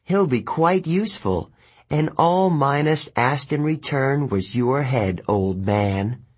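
A man voicing a hungry, mocking female she-demon in an audiobook, drawing his words out in a taunting purr with a breathy voice. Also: medium pitch, lively intonation, takes it slowly.

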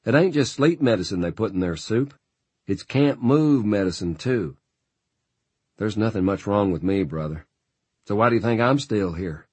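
A man's voice: on the low side, lively intonation, moderate pace, darkish tone, slightly rough, no room sound. A man reading a weary, fatalistic frontier rider who talks in a rural drawl. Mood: grim. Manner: rural drawl, folksy grammar.

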